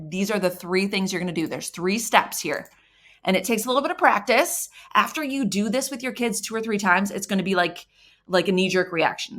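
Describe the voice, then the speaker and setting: An upbeat woman coaching parents on how to support a child's reading. She encourages warmly and slows down to sound out syllables and individual sounds with care. Her voice sits at an ordinary middle pitch. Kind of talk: instructional talk to parents.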